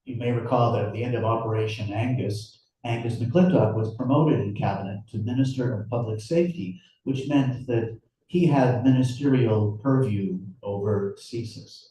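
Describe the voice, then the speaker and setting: A man's voice: medium pitch, normal speed, few pauses, warm tone, distant mic. A man, an author, chatting casually and self-deprecatingly about his novel at a book event. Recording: very echoey room, voice from afar.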